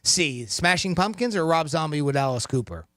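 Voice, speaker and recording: A man's voice: a little high, animated, moderate pace, a bit bright, no room sound, clean studio sound. A man hosting a radio call-in contest, upbeat and joking with callers. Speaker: radio host. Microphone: studio microphone.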